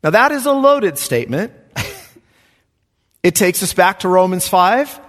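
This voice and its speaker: A man, a pastor, preaching an emphatic expository sermon with soft chuckles. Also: high-pitched, big pitch swings, a little slow. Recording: reverberant hall.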